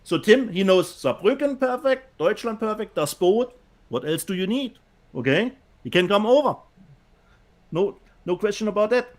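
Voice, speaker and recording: A man with a German accent and a fairly high voice, chatting casually as a co-host. He reads viewer comments aloud and laughs easily. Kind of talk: casual chat.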